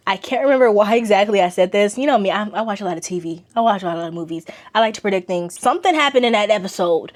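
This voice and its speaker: A young woman chatting casually in a slangy, animated way. She laughs often as she talks. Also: medium pitch, quick pace, few pauses. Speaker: vlogger reviewing a TV series. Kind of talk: casual chat.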